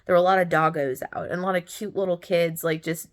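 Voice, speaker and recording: A woman's voice: lowish voice, fairly even intonation, quick pace. A young woman telling a story in a casual, gushing way, laughing often as she talks. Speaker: podcast host.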